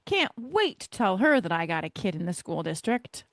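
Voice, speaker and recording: A middle-aged woman chats casually on a podcast. She tells stories in a lively way and laughs often. Her voice sits at an average pitch and sounds close and dry, with no room echo. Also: normal speed. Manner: animated storyteller, laughs often. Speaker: podcast co-host. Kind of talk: casual chat.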